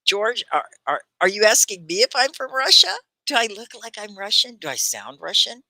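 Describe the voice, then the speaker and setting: Middle-aged Texan woman, live ESL host, very lively pitch, chatty and upbeat. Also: moderate pace, dry recording. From Texas, United States. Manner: chatty, upbeat, laughs often, asks viewers questions. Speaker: ESL teacher hosting a live class. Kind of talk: live online English lesson, reading viewer comments.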